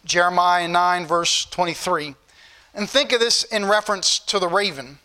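A man's voice: high-pitched, moderate pace, bright, forceful tone, clean tone. A man preaching a sermon, reading scripture aloud in King James wording and speaking directly to the congregation. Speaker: pastor.

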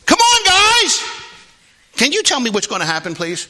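A male preacher in full flow, his voice sitting high and bright with a ringing edge. He swoops from hushed, low asides up to shouted peaks, calling out to the congregation as he goes. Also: huge pitch swings, moderate pace. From Philadelphia area. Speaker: pastor. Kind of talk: sermon.

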